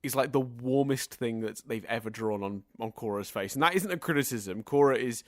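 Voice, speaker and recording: A man in a casual podcast discussion, chatty and rambling as he talks in long winding sentences. His voice sits at a middling pitch. The sound is close and dry, with no room around it. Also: fairly quick, no room sound. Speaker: podcast co-host.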